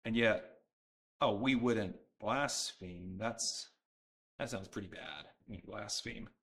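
A man's voice: lowish voice, takes it slowly, fairly bright tone, husky. A man preaching a sermon, talking earnestly and conversationally and often restarting his sentences. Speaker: pastor.

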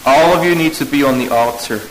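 A man preaching an evening sermon in an earnest way, pressing hard on some lines and dropping low and quiet on others. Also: brisk, a little hiss or hum, poor audio. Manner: earnest, rises to forceful emphasis then drops to hushed tones.

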